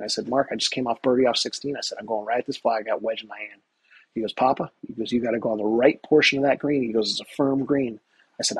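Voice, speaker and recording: A middle-aged man, a golf professional, telling stories in a casual interview with lots of energy, talking in quick bursts. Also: medium pitch, gravelly, husky, no echo, low-quality recording. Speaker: guest, touring golf professional.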